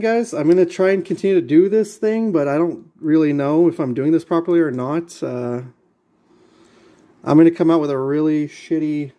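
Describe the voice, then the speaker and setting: A man vlogs while assembling a model kit, talking casually to himself and his viewers in a fairly high, mellow voice. He mutters in exasperation and repeats himself a lot.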